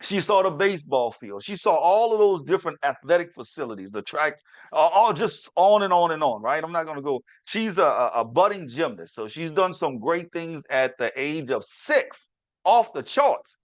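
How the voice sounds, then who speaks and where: This is a middle-aged man with a fairly high voice, recorded dry with no room sound. He tells a personal story to his listeners in a loose, chatty way, repeating himself and talking to them directly. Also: sing-song, normal speed, dry recording. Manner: chatty, repetitive, addresses listeners as y'all. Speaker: podcast host. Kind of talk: casual storytelling monologue.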